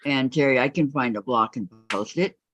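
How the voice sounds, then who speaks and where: A woman's voice: extremely low pitch, normal speed, a bit bright, breathy edge, faint music behind. A woman hosting a casual quilting live stream, chatting, laughing and reading viewer comments aloud. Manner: chatty, laughs often, reads chat aloud. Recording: muffled lo-fi dry audio.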